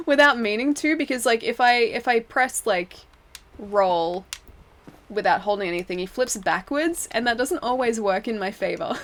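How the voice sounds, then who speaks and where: A young woman talks her way through a video game live, answering viewers in an easy, chatty flow and laughing often. Her voice sits a touch higher than most. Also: animated, unhurried. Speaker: game streamer. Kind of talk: casual live-stream commentary while playing.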